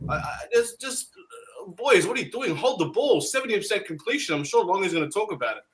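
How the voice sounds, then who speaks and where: A man's voice: high-pitched, very animated, quick pace, a bit bright. An Australian man on a podcast panel, ranting and swearing in casual chat.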